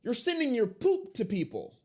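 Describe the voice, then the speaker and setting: A man's voice: very high voice, huge pitch swings, normal speed, a little mellow. A young man in casual chat, blunt and incredulous as he tells what he saw.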